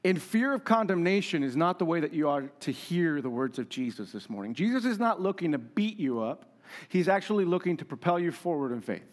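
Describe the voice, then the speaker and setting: A pastor preaching a conversational, emphatic sermon with humor and rhetorical questions. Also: male voice, fairly high pitch, big pitch swings, fairly quick.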